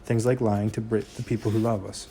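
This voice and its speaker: A man's voice: lowish voice, flat delivery, fairly quick, dark tone, slight background noise, lightly acted. A man reading aloud, voicing a manipulative estranged father who turns cold and menacing. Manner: clingy, turning cold and menacing.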